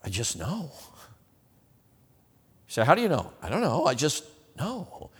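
A man's voice: a little high, huge pitch swings, measured pace, breathy edge, in a large hall. A man preaching a sermon, acting out the questions of imagined listeners as he goes.

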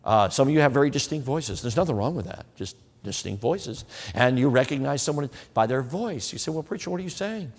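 A man's voice: mid-range voice, lively intonation, a little fast, hardly any pauses, husky, big-room sound. A man preaching a sermon, acting out the questions of imagined listeners as he goes.

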